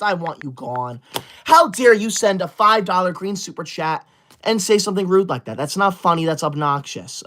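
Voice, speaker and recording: A man's voice: high voice, fairly bright tone. A man in his twenties playing a pompous, bossy young male livestreamer who scolds his chat while reading super chats, as a comedy character. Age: 20s.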